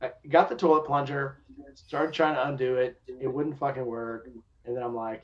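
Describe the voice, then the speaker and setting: A podcast host, a man with a medium-pitched voice, tells a story in casual, animated, profane chat, speaking fast and acting out what people said. The recording has a dull, lo-fi sound.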